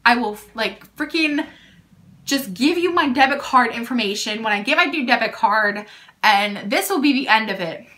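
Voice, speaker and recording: Young woman, storytime vlog, indignant, casual, fairly high voice, sharp and bright tone. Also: moderate pace. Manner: animated and indignant, heavy use of "like". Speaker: vlogger telling a story.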